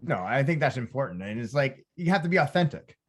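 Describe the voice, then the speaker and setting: A man's voice: medium pitch, big pitch swings, quick pace, husky. A man hosting a casual podcast, asking loose questions full of fillers. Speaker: podcast host.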